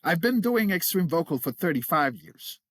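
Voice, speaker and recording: A middle-aged man speaks as an interview guest, explaining technique with easy enthusiasm and a ready laugh. His voice sits a bit high and swings widely in pitch. The sound is dry and close, with no room echo. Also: big pitch swings, normal speed, a bit bright. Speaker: guest, creature voice coach.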